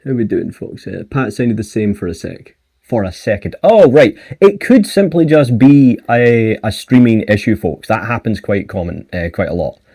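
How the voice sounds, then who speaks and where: Man, lavalier mic, low lively voice, dry sound, upbeat streamer. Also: moderate pace, creaky, slightly rough, no room sound. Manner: upbeat, rambling, addresses viewers as folks. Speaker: host of a live portfolio review stream. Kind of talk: casual live-stream chat.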